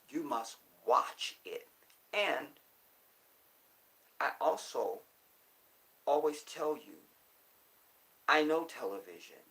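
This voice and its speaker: An animated man delivers a casual monologue, driving his points home by repeating them. His voice sits at an ordinary middle pitch, and his pace swings between slow emphasis and quick asides. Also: low-quality recording. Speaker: commentator.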